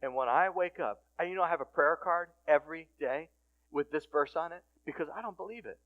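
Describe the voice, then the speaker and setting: A middle-aged man giving a casual, animated sermon at a recovery ministry, swinging from hushed asides to loud emphatic points. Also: on the high side, brisk, phone-quality sound. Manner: casual conversational phrasing with restarts.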